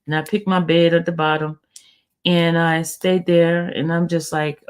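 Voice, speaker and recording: A woman's voice: on the low side, level tone, unhurried, smooth. Chatty woman telling a long story. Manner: rambling, chatty, lots of fillers and restarts, addresses viewers as y'all. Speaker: YouTube host. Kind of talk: casual storytelling to viewers.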